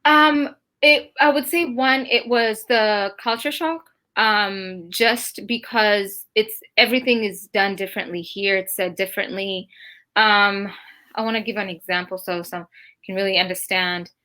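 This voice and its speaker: A woman's voice: medium pitch, a little slow, sharp tone. A young woman from Kenya with a Kenyan accent touched by British and American ones, talking casually in an interview and laughing often. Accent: Kenyan with British, Southern US and Seattle traces. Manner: chatty, laughs often, acts out quoted voices. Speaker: guest.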